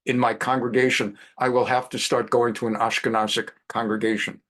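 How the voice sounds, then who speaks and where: A man voicing a proud, insistent older Persian uncle with a heavy Persian accent, speaking slowly and solemnly. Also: mid-range voice, flat delivery, fairly bright tone, voice pushed down, close to an everyday voice. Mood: solemn insistence. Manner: slow, solemn, pleading.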